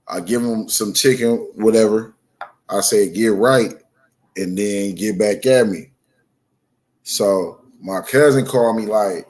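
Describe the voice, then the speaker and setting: Man telling a story, profane and animated. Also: lowish voice, slow. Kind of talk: casual storytelling chat.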